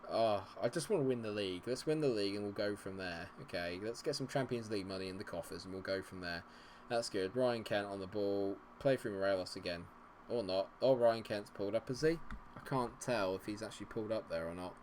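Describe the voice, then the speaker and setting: A man's voice: on the low side, brisk, darkish tone, slight background noise. Sarcastic man commentating a game. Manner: exasperated, sarcastic, swings from grumbling to cheering. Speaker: gaming streamer.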